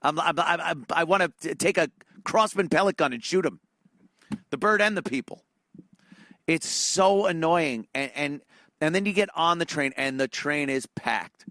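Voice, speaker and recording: A man's voice: on the high side, animated, normal speed, pushed and bright, no echo. Profane, annoyed New man ranting. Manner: annoyed, profane, sarcastic storytelling. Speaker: show host. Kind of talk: comedic rant.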